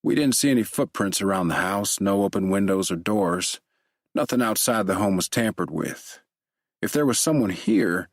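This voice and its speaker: A man's voice: fairly low pitch, no echo, studio quality. A man voicing a short, businesslike female police officer giving a matter-of-fact report.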